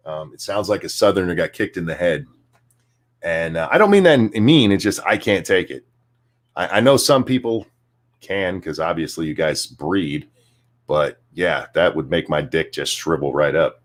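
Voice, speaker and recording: A man's voice: low voice, moderate pace. A man hosting a commentary show, ranting sarcastically with frequent swearing and stammered restarts. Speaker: commentary channel host.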